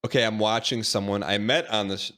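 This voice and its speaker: A man's voice: fairly low pitch, fairly even intonation, brisk, sharp tone. A man hosting a podcast, chatting casually and asking probing questions. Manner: conversational, asks probing questions. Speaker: podcast host.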